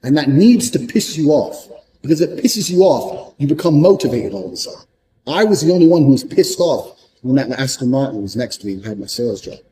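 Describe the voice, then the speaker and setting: A man's voice: mid-range voice, mellow, slight background noise, rough recording. A man giving a blunt, profane motivational monologue, hammering points home through repetition. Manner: repeats points for emphasis. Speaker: motivational speaker.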